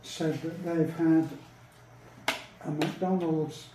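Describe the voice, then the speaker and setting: A man's voice: on the high side, steady tone, extremely slow, background noise. British man, dry and reluctant, chatting casually at the table; distant mic, roomy echo. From Britain. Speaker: husband in the vlog. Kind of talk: casual dinner-table chat. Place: home dining table. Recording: echoey room, mic at a distance, dinner clatter.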